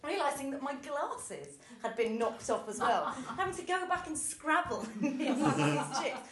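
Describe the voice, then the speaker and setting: Animated woman comic, lively pitch. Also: a little slow. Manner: self-deprecating, animated, laughing through her story. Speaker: stand-up comedian. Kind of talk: live storytelling comedy set. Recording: roomy live venue.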